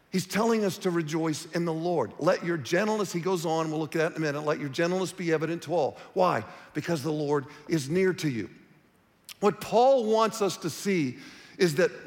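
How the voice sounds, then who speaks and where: A man's voice: high-pitched, in a large hall. A man preaching a sermon as pastor, talking to the congregation in a conversational, direct way.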